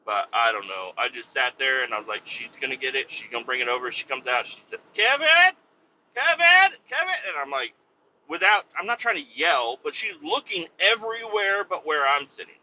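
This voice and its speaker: A man's voice: mid-range voice, lively intonation, fairly quick, pushed and bright. A man telling a rambling story in a casual, exasperated way, swearing freely. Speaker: podcast host. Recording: dull, slightly lo-fi sound with faint noise.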